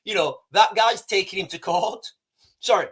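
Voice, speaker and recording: A man's voice: high voice, moderate pace, a bit bright, husky. A man hosting a casual livestream, rambling, repeating himself and talking straight to his chat. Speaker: livestream host.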